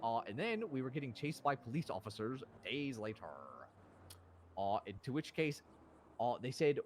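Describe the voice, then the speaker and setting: A man's voice: medium pitch, animated, moderate pace, a little hiss or hum. A young man telling a rambling, slangy story in character while role-playing on a stream.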